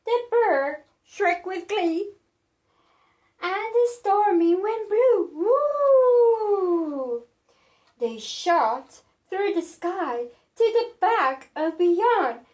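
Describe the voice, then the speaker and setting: High-voiced, very slow woman reading a story. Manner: sing-song and expressive. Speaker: children's storyteller. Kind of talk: reading a picture book aloud to children.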